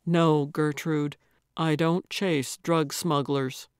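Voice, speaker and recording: A woman's voice: sits low, fairly even intonation, slow, clear, resonant tone, no room sound, studio quality. A woman voicing a stern, terse male secret agent who speaks in curt commands.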